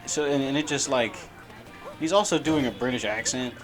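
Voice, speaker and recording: Casual male gameplay commentator, mid pitch, rambly and giggly, loud game music underneath. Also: normal speed. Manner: rambling, laughing, repeats words. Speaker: gaming channel host.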